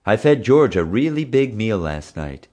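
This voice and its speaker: A man's voice: fairly low pitch, sing-song, unhurried, dark tone, voice pushed up. A man voicing a no-nonsense mother who speaks in a firm, dry way. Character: sharp, no-nonsense mother, animal keeper.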